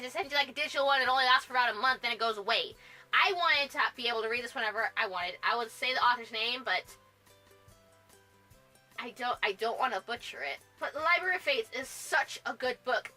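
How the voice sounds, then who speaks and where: A woman with a high, very bright voice chats about her favorite books in a casual vlog. She gushes with bubbly enthusiasm and laughs often between thoughts. Faint music plays behind her. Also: rough recording. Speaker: book vlogger. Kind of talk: casual book review vlog.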